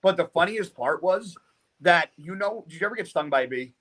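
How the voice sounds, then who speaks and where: Young male podcast guest, fairly high voice, cursing, laughing storyteller. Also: brisk. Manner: profane, animated storyteller who often laughs mid-sentence. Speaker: guest, professional bodybuilder.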